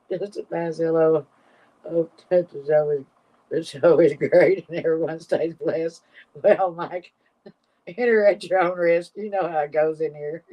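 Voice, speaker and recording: A woman's voice: sits low, fairly even intonation, measured pace. A woman hosting a casual live stream, reading viewer comments aloud and laughing constantly until she is breathless. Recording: slightly dull lo-fi audio.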